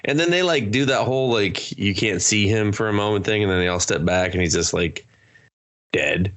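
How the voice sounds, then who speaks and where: A man's voice: moderate pace, fairly bright tone. A man co-hosting a movie review podcast, chatting casually and acting out scenes in exaggerated voices. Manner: acts out characters in exaggerated high voices, swears, laughs. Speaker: podcast co-host.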